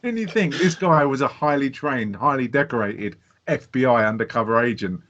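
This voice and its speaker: Lively man reviewing films. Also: mid-range voice, normal speed, a little hiss or hum. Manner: animated, laughing, swears freely. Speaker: podcast co-host. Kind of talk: casual film review chat. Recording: dull lo-fi sound.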